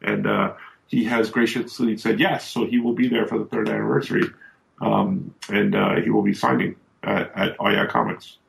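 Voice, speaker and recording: Shop owner, man, heavily gravelly voice, plain easygoing delivery. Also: lowish voice, level tone, moderate pace, rough recording. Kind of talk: casual chat.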